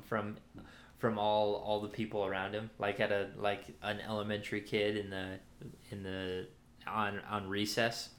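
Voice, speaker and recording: Casual male Bible teacher, lowish voice, chatty and filler-heavy, roomy echoey sound. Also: fairly bright tone, slight background noise. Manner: conversational, many fillers and restarts. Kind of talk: casual sermon-style teaching.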